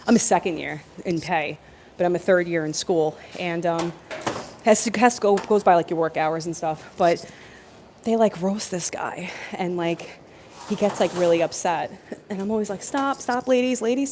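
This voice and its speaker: A young woman telling a work story on a live stream from her phone, chatty and animated, with lots of fillers and laughs. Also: on the low side, a little hiss or hum. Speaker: plumbing apprentice vlogger. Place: construction site building, indoors. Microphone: phone held in hand.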